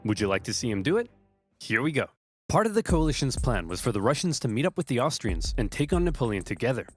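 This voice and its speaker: Lively-voiced comedic history narrator, man. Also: medium pitch, no echo, clean studio sound, soft background music. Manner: brisk, punchy storytelling.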